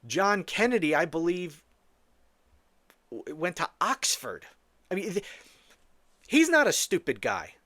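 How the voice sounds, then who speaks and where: A man's voice: high voice, big pitch swings, a little slow, long pauses, bright, forceful tone, no echo. A man hosting a solo political commentary podcast, blunt, scornful and profane, rambling with frequent restarts. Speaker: podcast host.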